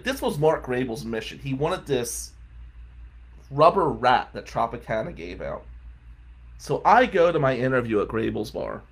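A man in his forties with a gravelly, husky voice tells comic stories in a loose, casual way. He pokes fun at himself and jumps into the voices of the people he describes. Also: medium pitch. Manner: animated, self-mocking, acts out quotes. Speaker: lawyer.

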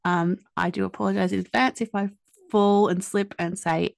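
A woman with an Australian accent hosting a podcast, chatty and quick to joke at her own expense. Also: mid-range voice, steady tone, creaky, dry recording. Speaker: podcast host. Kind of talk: casual podcast chat and scripted intro.

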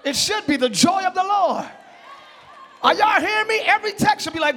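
A man pastor preaching a lively storytelling sermon in church, moving between hushed talk and shouts. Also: extremely high pitch, normal speed, a faint crowd. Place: church sanctuary, live service. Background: soft band music.

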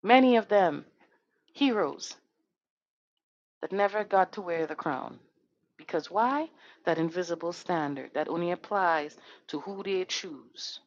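In an unhurried, lowish voice, a woman hosting a podcast vents angrily, cursing and firing off rhetorical questions. It's a dull, dry, lo-fi recording.

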